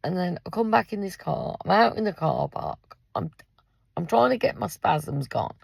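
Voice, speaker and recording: A woman's voice: on the low side, animated, moderate pace, gravelly, husky, no echo. A woman ranting bluntly into the camera from inside her car, swearing freely and talking straight at her listeners. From England. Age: 50s. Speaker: parent and carer. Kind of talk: angry vlog rant. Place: in a car in a car park.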